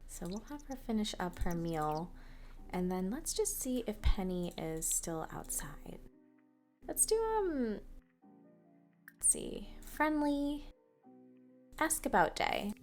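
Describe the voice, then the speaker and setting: A woman's voice: mid-range voice, sing-song, slow, pauses often, darkish tone, soft background music. A young woman giving casual, chatty commentary on a life-sim game, narrating each move and laughing often. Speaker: gaming channel host.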